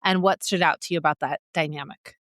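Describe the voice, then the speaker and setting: A woman's voice: sits low, fast talker, no echo, studio quality. A woman co-hosting a podcast, chatting casually about a holiday movie, laughing often and acting out lines from scenes. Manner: animated, laughs often, acts out quotes from scenes. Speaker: podcast co-host. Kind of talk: casual movie review chat.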